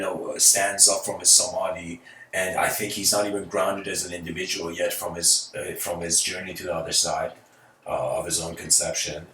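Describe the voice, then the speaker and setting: A man's voice: on the low side, a bit bright, far from the mic. A man giving a casual, live-streamed spiritual talk, searching for words and laughing between thoughts. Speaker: spiritual speaker. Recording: roomy sound from away from the mic.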